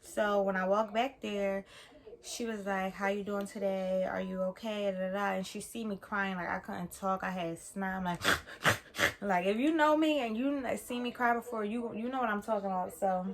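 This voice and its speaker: A woman's voice: medium pitch, moderate pace, noisy background. A young woman, telling a personal story in a casual storytime vlog from her bedroom, rambling and correcting herself as she goes. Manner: casual, rambling, self-correcting with many fillers. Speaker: vlogger.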